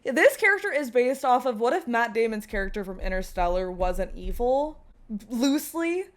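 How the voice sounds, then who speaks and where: A woman's voice: a little high, sing-song, moderate pace. A woman co-hosting a tabletop gaming podcast, chatting casually with fillers and frequent laughter. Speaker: podcast co-host. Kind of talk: casual chat.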